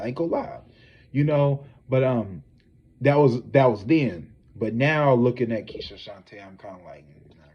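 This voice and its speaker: Profane, animated male gossip streamer. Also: mid-range voice, husky, lo-fi sound. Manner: profane, animated, talks straight to viewers. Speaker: psychic tarot reader and gossip host. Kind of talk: casual celebrity gossip livestream.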